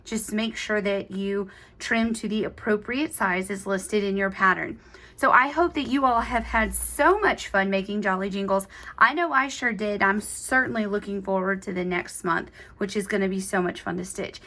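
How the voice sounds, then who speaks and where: A woman's voice: mid-range voice, normal speed, sharp tone. A woman hosting an embroidery tutorial, walking viewers through each step in a bubbly, chatty, gushing way. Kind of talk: step-by-step craft demonstration.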